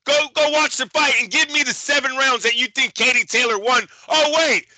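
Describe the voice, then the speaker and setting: A man's voice: extremely high pitch, moderate pace, bright, forceful tone, no echo, poor audio. A man co-hosting a boxing podcast, ranting in heated, profane casual chat. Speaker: boxing show co-host.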